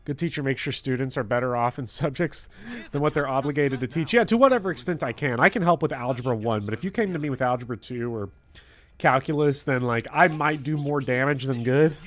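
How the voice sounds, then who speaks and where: A man who works as a teacher, talking casually to his chat while gaming, blunt and heavily profane in an animated rant. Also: mid-range voice, a little fast. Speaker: teacher streaming a game.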